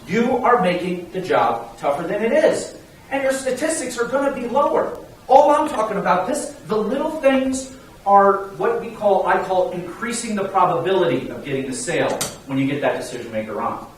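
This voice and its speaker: A man's voice: high-pitched, normal speed. Emphatic male sales trainer, echoey room. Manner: emphatic, pleading, energetic. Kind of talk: coaching talk to a sales team. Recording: echoey room, mic far off, faint hiss.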